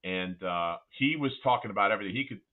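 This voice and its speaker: A man's voice: on the low side, fast talker. Middle-aged guy, ex college ball player, rambling fun stories, sounds like a tinny phone call. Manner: animated anecdotes with frequent restarts. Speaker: guest, former college basketball player. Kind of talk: casual interview storytelling.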